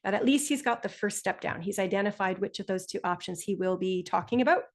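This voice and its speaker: A woman teaching a test prep webinar, explaining scores in a clear, friendly way. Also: mid-range voice, fast. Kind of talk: instructional webinar.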